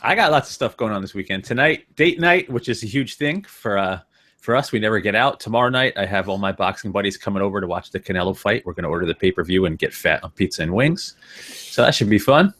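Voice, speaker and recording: A man co-hosting a casual tech webcast over a video call, teasing and relaxed. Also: on the low side, fast talker.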